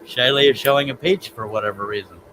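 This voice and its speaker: A man's voice: medium pitch, fast, sharp tone. Southern male stream host, chatty, prone to giggles, noisy recording. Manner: chatty, reads chat aloud, giggly. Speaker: livestream host. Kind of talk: casual live stream chat.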